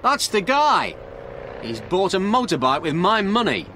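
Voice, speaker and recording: A man voicing an angry, excitable man who keeps shouting that the money is his. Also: medium pitch, unhurried, a little hiss or hum. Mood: shouting, excited. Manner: shouty, indignant. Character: angry excitable man, robbed finder of cash.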